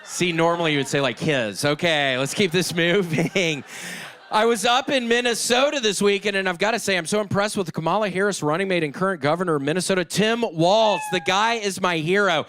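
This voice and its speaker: A man doing a short stand-up set on a comedy club stage, shouting jokes erratically and giggling at his own punchlines. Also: sits high, a little fast, slight background noise. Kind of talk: one-minute stand-up set.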